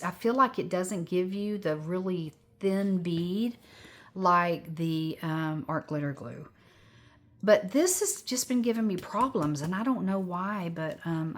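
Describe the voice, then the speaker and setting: Chatty upbeat woman in her sixties. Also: mid-range voice. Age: 60s. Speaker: crafting vlogger. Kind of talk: casual crafting chat.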